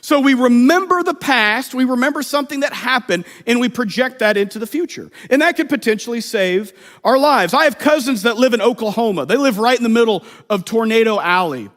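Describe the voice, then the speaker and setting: Thirties male pastor from Missouri, bright high register, humorous sermon storyteller, recorded in a big echoing sanctuary. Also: brisk. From Missouri, USA. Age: 30s. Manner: lively, humorous storytelling with playful asides. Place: church sanctuary. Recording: long reverb of a church hall.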